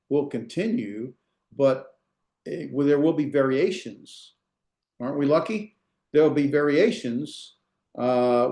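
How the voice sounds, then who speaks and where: A man's voice: mid-range voice, darkish tone, reverberant. A male instructor giving an online class lecture, patient and step by step, often checking in with "right?" and quizzing his students.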